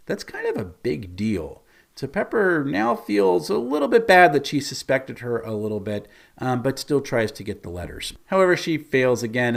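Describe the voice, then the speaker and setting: A man telling the story of a tabletop game as its game master, in a lively storytelling manner. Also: mid-range voice. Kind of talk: recounting a tabletop campaign.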